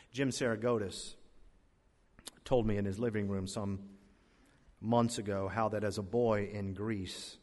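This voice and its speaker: A male pastor preaching an emphatic sermon, rising to loud peaks and dropping to hushed lows. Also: big-room sound.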